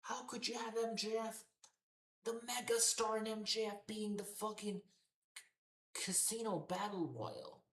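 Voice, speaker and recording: A woman's voice: mid-range voice, steady tone, measured pace. A woman ranting heatedly as a wrestling show reviewer, swearing constantly and repeating herself in exasperation. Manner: profane, exasperated, repetitive ranting. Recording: roomy echoey room.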